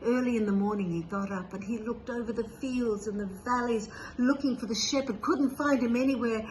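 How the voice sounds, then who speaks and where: A woman storyteller telling a tale during a religious service in a gentle, expressive way. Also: fairly high pitch, fairly quick, a little hiss or hum.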